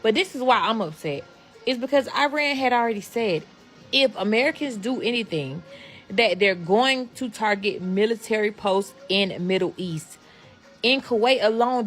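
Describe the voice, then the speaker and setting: A woman venting in a casual opinion video, irritated, blunt and profane. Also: mid-range voice.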